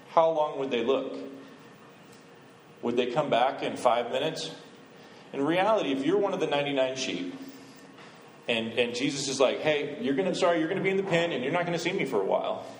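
A man's voice: mid-range voice, roomy sound, a little hiss or hum, poor audio. A man giving a conversational sermon as a visiting missionary speaker, often asking the congregation questions. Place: church.

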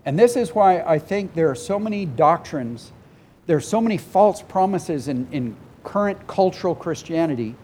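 A man's voice: a little high, expressive, moderate pace, a little mellow, slight background noise. Pastor guy preaching, kinda teary, voice goes all over the place. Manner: emotional, tearful at times, earnest; emphatic repetition, voices God and people in quotes. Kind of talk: sermon.

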